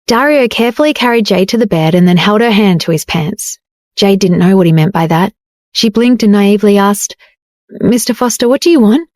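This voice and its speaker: A woman narrating a romance audiobook in an even, measured storytelling way. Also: mid-range voice, no room sound, clean studio sound.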